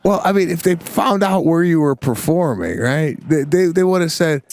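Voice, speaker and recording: A man co-hosting a podcast, chiming in with short reactions and quick jokes in casual chat. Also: on the high side, animated, a little mellow, no echo. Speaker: podcast co-host.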